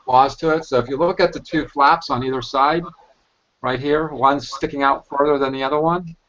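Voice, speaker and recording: Halting man on a lo-fi video call. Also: mid-range voice, a bit bright. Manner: rambling, halting with many fillers and restarts. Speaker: hobbyist scale modeler on a video hangout. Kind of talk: casual chat. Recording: dull lo-fi video call audio.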